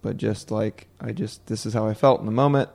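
Gravelly-voiced man, relaxed podcast host. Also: on the low side, fairly quick. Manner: relaxed, rambling with many fillers and quoted asides. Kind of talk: casual conversation.

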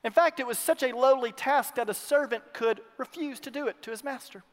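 A male pastor preaching in a church with a strikingly high voice. He swings from loud declarations to hushed asides and repeats his phrases. Long reverb from the hall hangs behind every line. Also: fairly quick. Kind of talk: sermon.

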